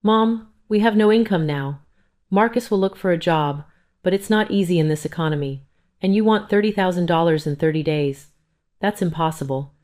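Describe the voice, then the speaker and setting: A woman playing a pleading grown daughter, emotional, low-pitched. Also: moderate pace, a little mellow, close to an everyday voice.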